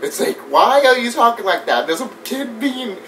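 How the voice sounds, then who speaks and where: A man giving a casual, animated movie review rant. He swears often, laughs a lot and mimics scenes as he talks. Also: very high voice, moderate pace. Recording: distant mic with faint background noise.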